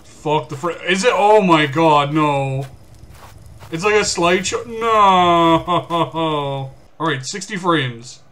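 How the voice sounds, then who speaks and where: A man streaming a horror game, cursing and yelling at the game in exasperation. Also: fairly high pitch, expressive, slow. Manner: swearing, exasperated outbursts at the game. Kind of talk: casual gameplay commentary.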